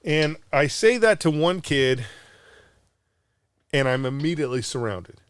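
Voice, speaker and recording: A middle-aged Marine veteran from Southern California hosting a podcast, telling a story casually, blunt and profane, with frequent restarts. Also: male voice, on the high side, animated, measured pace, clean tone, no echo, studio quality. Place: podcast studio.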